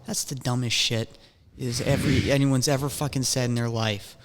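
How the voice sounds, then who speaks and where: A man on a casual podcast, ranting and swearing, often jumping into a high mocking voice. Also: fairly even intonation, moderate pace, slight background noise. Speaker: podcast co-host. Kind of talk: casual chat. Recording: long hall reverb.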